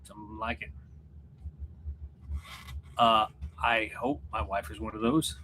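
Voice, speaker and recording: A man's voice: fairly low pitch, level tone, a little slow, bright, forceful tone. A man, chatting casually on a livestream. He rambles and jokes at his own expense. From Missouri, USA. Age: 40s. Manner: rambling, self-deprecating, joking. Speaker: livestream host chatting with viewers. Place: room at home, in front of a mirror.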